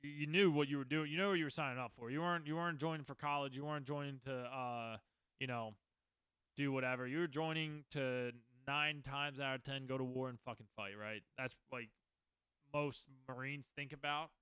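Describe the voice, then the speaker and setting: Steady in tone, brisk, and a bit bright, this man's mid-range voice comes through clear and resonant without echo. He's in his twenties, hosting a podcast and casually telling his own story with rambling, candid profanity.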